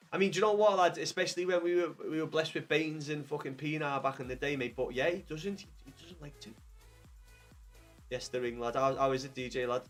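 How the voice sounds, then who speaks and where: A young man chatting casually to viewers while streaming a football video game, rambling and swearing with excited bursts. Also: mid-range voice. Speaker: gaming livestreamer. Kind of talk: casual livestream chat with viewers.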